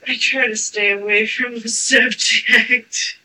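A young woman speaks lightly and slowly in a very bright voice, giggling often. She sounds like a relaxed guest answering easy questions. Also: on the high side, slight background noise, rough recording. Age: young adult. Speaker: session guest.

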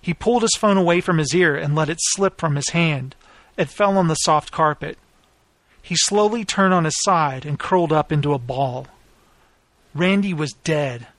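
A man reading his own story aloud as its narrator, in a steady, plain storytelling manner. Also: on the high side, no room sound. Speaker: author and narrator. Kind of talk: scripted audiobook narration.

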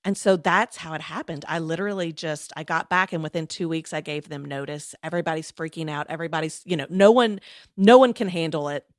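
Woman guest chatting away in an interview, lowish voice, dry close sound, lots of likes and ums. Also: a little fast, dry recording. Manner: chatty, animated, lots of fillers and quoted asides. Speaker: guest, former lawyer turned coach. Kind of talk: casual interview storytelling.

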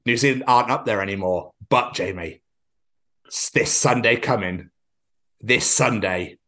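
A man, co-hosting a podcast in casual chat, excitable and sweary, acting out quotes. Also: fairly low pitch, measured pace. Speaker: podcast co-host.

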